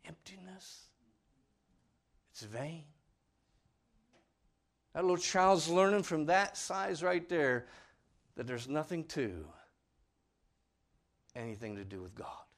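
A man preaching a sermon in a folksy, earnest way, swinging from loud stressed words to quiet asides. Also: a little high, slow, pauses often. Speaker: father.

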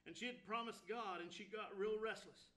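Brief: high, bright-toned preacher, fervent storytelling sermon. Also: male voice, normal speed.

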